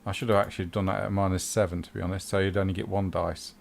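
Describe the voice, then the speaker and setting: Brief: man game master, low voice, calm rulings. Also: very fast, vocal fry, slight background noise. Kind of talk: running a tabletop game.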